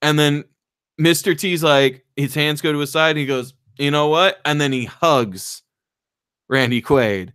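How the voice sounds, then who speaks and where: A man on a podcast excitedly retelling a movie plot, acting out the lines in raised voices and swearing freely. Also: on the high side, unhurried, smooth, dry recording, studio quality. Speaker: podcast co-host. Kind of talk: casual chat, retelling a movie.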